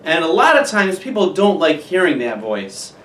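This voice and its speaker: A woman's voice: fairly low pitch, very animated, moderate pace. A woman teaching children a music lesson, patient and guiding them to repeat after her. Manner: patient, demonstrates each voice type. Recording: roomy room from a distance.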